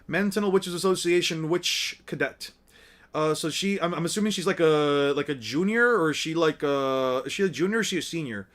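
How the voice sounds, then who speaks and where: Casual male streamer with a fairly high voice, reading manga aloud and swearing his way through the commentary. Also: normal speed, fairly bright tone. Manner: loose, profane, laughs easily. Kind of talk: casual read-along commentary.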